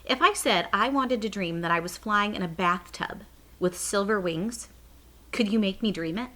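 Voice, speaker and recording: A woman's voice: medium pitch, moderate pace, pushed and bright, close to an everyday voice. A woman voicing a spirited, indignant young girl in a read-aloud children's story, eager and insistent.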